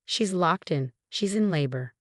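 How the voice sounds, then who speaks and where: A woman's voice: fairly low pitch, expressive, a little slow, no room sound, clean studio sound. A woman voicing a protective sister-in-law who speaks urgently and sharply.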